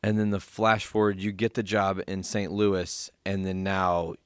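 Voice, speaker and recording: A man's voice: deep voice, little pitch movement, unhurried, clear, resonant tone, dry recording, clean studio sound. A man hosting a podcast interview, chiming in with short, encouraging remarks and follow-up questions. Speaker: podcast host. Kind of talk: casual interview.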